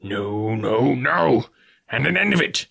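A man reading an audiobook, voicing a gruff old male sea captain who talks bluntly. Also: on the low side, a little slow, bright, forceful tone, heavily acted. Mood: shouting. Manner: blunt, swearing.

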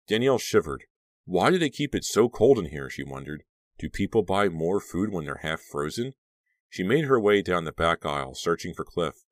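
A man narrating a young-adult horror audiobook in an even, measured reading. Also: sits low, no room sound, studio quality.

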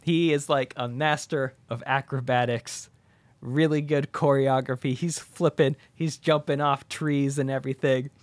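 A man in his thirties casually pitching a movie plot, acting out the characters' lines as he goes. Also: no room sound. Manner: animated storytelling, quick quoted voices. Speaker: podcast co-host pitching a movie idea. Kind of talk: casual chat, acting out scenes.

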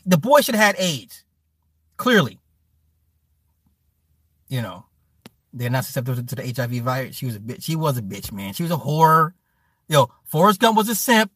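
A man giving a crude, joking rant to his stream viewers, laughing often, with his pitch swinging up and down. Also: bright, forceful tone, no echo, studio quality.

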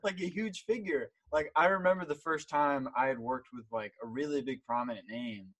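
A man's voice: medium pitch, normal speed, a bit bright, low-quality recording. A young man hosting a casual interview, rambling and heavy on "like" and "um". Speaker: podcast host.

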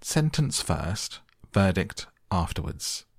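A man reading a furious queen who shouts her orders. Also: low-pitched, very animated, slow pace, husky, dry recording, studio quality, full character voice.

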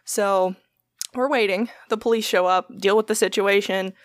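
A young woman tells a rambling story in casual conversation, swearing freely and slipping into the voices of the people she quotes. Her voice sits at an ordinary pitch and sounds dry and close to the mic. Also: steady tone, moderate pace, no room sound. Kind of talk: casual podcast chat.

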